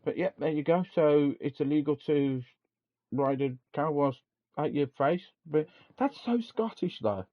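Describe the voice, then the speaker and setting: A man's voice: a little high, lively intonation, measured pace. A man co-hosting a casual podcast, chatty and rambling, laughing often. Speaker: podcast co-host. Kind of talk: casual chat. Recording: dull lo-fi sound.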